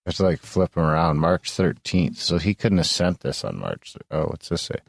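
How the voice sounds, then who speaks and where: Deep-voiced teasing podcast host. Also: male voice, big pitch swings, brisk, gravelly, hardly any pauses, no echo. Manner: teasing, joking banter. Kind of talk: casual chat.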